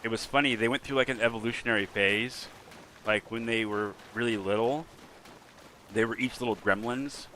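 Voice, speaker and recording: Joking middle-aged man, bright voice. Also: mid-range voice, normal speed, slight background noise. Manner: joking, teasing. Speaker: streamer. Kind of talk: casual chat while playing.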